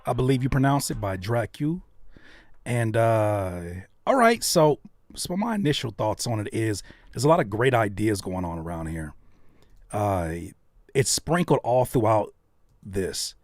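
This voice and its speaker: A man hosts a casual live reaction stream, teasing and joking as he goes. His voice sits at a middle pitch but swings up and down a lot, full of life. The sound is dry and close, with no room around it. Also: lively intonation, darkish tone, no room sound. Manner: playful teasing, drops into mock voices and quick asides. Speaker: host reacting to viewer beats.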